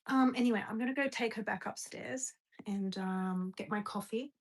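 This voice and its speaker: A woman's voice: on the high side, brisk, slightly rough. Chatty Australian woman livestreaming. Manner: rambling, chatty, talks to a dog between remarks. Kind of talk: casual livestream chat. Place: home.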